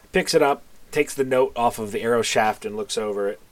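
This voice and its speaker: A man's voice: medium pitch, brisk, no echo. Dry-voiced man running a tabletop game. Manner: loose, profane, filler-heavy narration. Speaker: game master.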